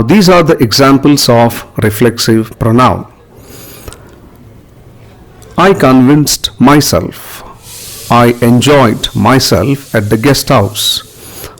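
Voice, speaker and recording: Man, middle-aged, Indian English accent, English teacher, very slow measured delivery, mid-pitched voice, explains point by point. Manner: deliberate, explaining point by point, reading out example sentences. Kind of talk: slow spoken English grammar lesson.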